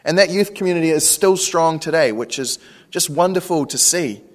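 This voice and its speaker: A man's voice: a little high, lively intonation, moderate pace. A man, a pastor preaching a sermon in a conversational way, often asking rhetorical questions. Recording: long reverb.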